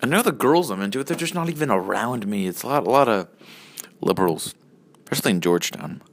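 Quick and animated, this early-twenties vlogger speaks in a fairly low voice through a meandering, profane monologue on his own. He keeps interrupting himself as he goes.

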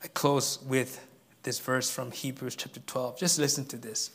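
A male pastor preaching a sermon in an earnest way, dropping to a hush and then rising to emphatic peaks. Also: medium pitch, fairly even intonation, fairly quick. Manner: earnest, swings from hushed to emphatic.

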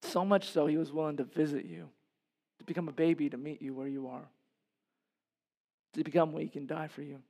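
Impassioned male pastor preaching, rising and hushing. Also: animated, a little fast, long pauses. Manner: impassioned, swinging between loud emphatic peaks and hushed low passages; preaches with rhetorical questions. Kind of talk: sermon.

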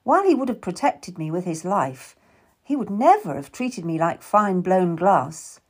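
A woman narrating a historical novel in the first person, with measured, intimate storytelling. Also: on the low side, sing-song, breathy edge. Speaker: audiobook narrator.

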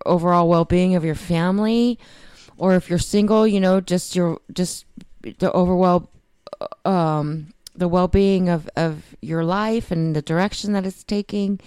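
A woman's voice: fairly low pitch, darkish tone, smooth, dry recording. A woman talking earnestly and a bit rambling in a casual recovery chat, often restarting her sentences.

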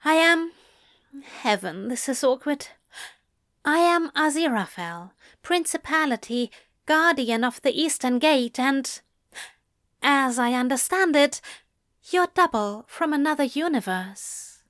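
A woman reading a story aloud, voicing a patient male angel with a dry, plummy voice who speaks in a polite, measured way and sighs. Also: high voice, expressive, a bit bright, dry recording, pitched above the performer's own voice. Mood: apologetic.

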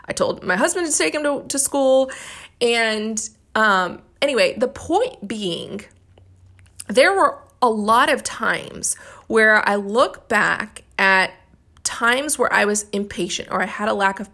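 A woman in her thirties hosts a podcast, her medium-pitched, slightly bright voice telling a candid, self-critical story about her mornings as a mother.

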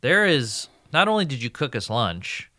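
A man in casual chat, speaking emphatically and swooping up when excited. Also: mid-range voice, normal speed, no echo, studio quality.

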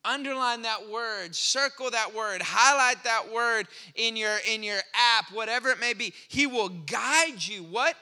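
A man with a very high, very bright voice preaches a sermon in an animated, playful way. He sometimes slips into mock back-and-forth with his listeners. His voice rings through a large church hall with a long reverb. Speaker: pastor.

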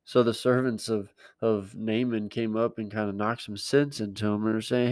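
A man's voice: lowish voice, fairly even intonation, moderate pace, hardly any pauses, darkish tone, dry recording. A male pastor giving a conversational sermon, plain-spoken and emphatic, repeating his key words.

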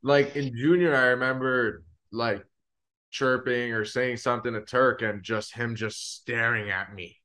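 A man hosting a casual podcast, telling stories in an animated way and laughing easily. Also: mid-range voice, unhurried. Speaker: podcast host, former hockey player.

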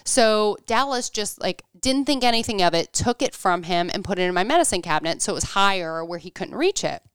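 A woman's voice: mid-range voice, expressive, fairly quick, a bit bright, clean tone, dry recording, studio quality. A woman in her thirties in casual chat, telling a story animatedly, acting out quotes and saying "like" a lot.

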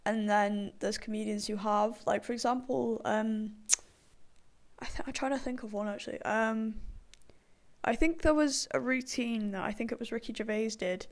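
A woman's voice: fairly high pitch, steady tone, normal speed. A young woman rambling in a casual chat, full of fillers and frequent laughter. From partially Irish background.

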